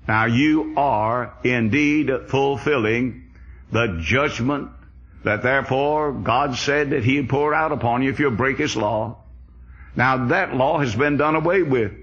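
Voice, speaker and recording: Male preacher, husky voice, dull lo-fi old tape sound. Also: medium pitch, a little slow, a bit bright. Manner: earnest expository preaching. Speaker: Bible teacher. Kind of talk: sermon. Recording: dull lo-fi recording.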